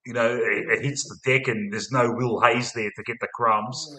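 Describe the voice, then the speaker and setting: A man's voice: medium pitch, fairly even intonation, moderate pace, sharp tone, poor audio. An Australian man hosting a casual podcast chat, rowdy and sweary, ending nearly every line with "mate". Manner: rowdy, swears a lot, ends lines with "mate". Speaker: podcast host.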